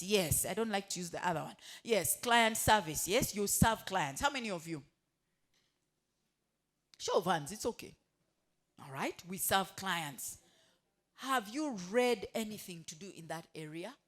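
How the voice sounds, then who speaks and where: A woman's voice: mid-range voice, a bit bright. Woman quizzing a staff audience. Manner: asks the room questions and has them finish her sentences. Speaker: motivational speaker. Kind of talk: staff training talk. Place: hotel staff meeting room.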